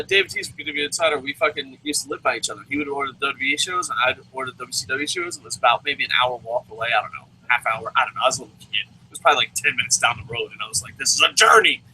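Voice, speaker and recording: Profane, rambling man with a bright voice. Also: medium pitch, fast talker, a little hiss or hum, poor audio. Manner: profane, rambling, laughing often. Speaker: wrestling show co-host. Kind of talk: casual podcast chat.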